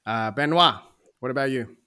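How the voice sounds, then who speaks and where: A man's voice: medium pitch, normal speed, bright, forceful tone, smooth. A man hosting a casual podcast interview, chatty and upbeat, with frequent fillers and restarts. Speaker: podcast host.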